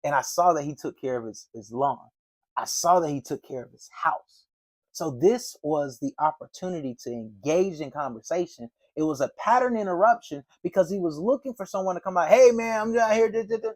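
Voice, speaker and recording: A man's voice: on the high side, a little fast, no room sound. Guy teaching door knocking, casual slang, acts out little doorstep chats, dry mic. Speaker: door-to-door sales trainer. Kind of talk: animated sales training talk.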